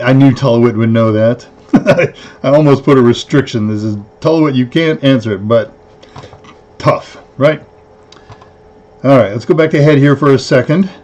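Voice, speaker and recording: A man's voice: medium pitch, darkish tone. A man hosting a weekly tech livestream, chatting casually in a rambling way, counting aloud and correcting himself. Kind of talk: casual live-stream chat.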